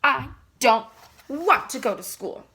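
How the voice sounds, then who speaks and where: A woman's voice: high-pitched, expressive, slow pace, sharp tone, breathy edge, voice pushed up, heavily acted. A woman reading as a sulky young boy. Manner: sulky and stubborn. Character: reluctant ten-year-old boy.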